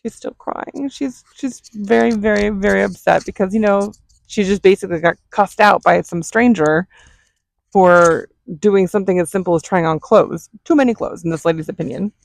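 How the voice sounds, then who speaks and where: A woman vlogger and mother telling a story in a chatty, animated way. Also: medium pitch, moderate pace, gravelly. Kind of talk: casual storytelling.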